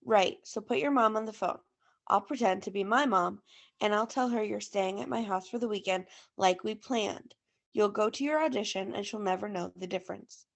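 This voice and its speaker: A woman's voice: mid-range voice, normal speed, gravelly. A woman voicing a bossy, theatrical teenage girl who is the narrator's best friend, in a read-aloud. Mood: insistent. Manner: pushy, theatrical.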